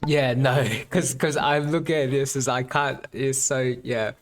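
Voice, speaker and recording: A man's voice: medium pitch, fairly even intonation, measured pace. A man in casual chat as a student, hesitant and filling his questions with "like" and "um". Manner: hesitant, heavy use of "like".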